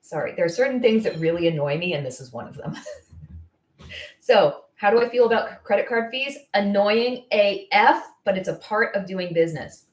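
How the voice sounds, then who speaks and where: A woman's voice: medium pitch, lively intonation, moderate pace. Fired-up woman, blunt business coach, casual chatty advice, roomy sound. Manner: blunt, fired-up and candid, with frequent "like" fillers. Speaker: esthetician business coach hosting a live stream. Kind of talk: casual live-stream advice, answering viewer comments.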